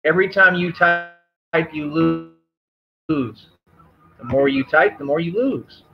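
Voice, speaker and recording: A man's voice: on the high side, slow pace, creaky, lo-fi sound, over music. A man streamer in an angry, profane on-camera rant, taunting and aggressive.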